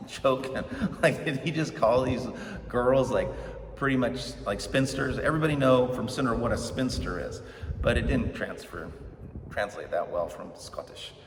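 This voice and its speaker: A middle-aged man preaching a casual, joking sermon, telling the story conversationally and acting out the characters' lines. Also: fairly low pitch. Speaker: pastor. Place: church sanctuary. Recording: echoey hall, distant mic, background noise.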